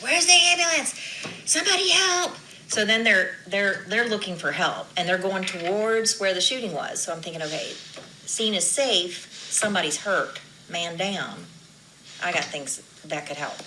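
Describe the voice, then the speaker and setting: A woman's voice: lowish voice, noisy background. A woman, a nurse, being interviewed for TV news, telling an emotional story, acting out what people said and dropping to whispers at times.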